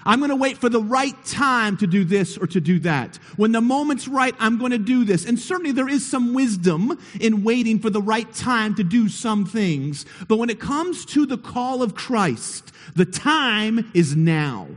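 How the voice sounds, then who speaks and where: High-voiced pastor in a reverberant hall. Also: male voice, animated, moderate pace, few pauses. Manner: playful, conversational, asks the congregation questions. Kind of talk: sermon. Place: church sanctuary.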